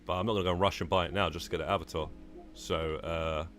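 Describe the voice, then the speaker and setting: Low-voiced guy streaming a game, chatting to chat, lots of uh and man. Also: fairly even intonation, quick pace, a bit bright, soft background music. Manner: chatty, frequent "uh" and "man", talking to chat while playing. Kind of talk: casual live-stream chat.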